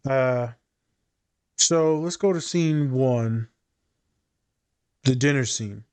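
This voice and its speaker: A man's voice: mid-range voice, drawn-out words, darkish tone, clear, resonant tone. A man co-hosting a casual discussion, speaking bluntly and candidly, swearing freely and thinking aloud with fillers and restarts. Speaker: podcast co-host.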